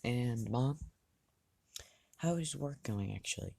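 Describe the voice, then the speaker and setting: A man voicing a calm, determined teenage boy in a read-aloud fan story, speaking level and reassuring. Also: mid-range voice, slow, vocal fry, no echo, full character voice.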